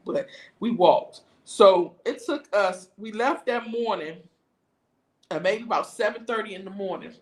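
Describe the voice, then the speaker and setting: A woman from Washington, D.C., hosting a live stream and telling a story in casual, profane talk. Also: medium pitch. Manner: animated, profane storyteller who acts out quotes. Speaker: host. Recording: echoey room.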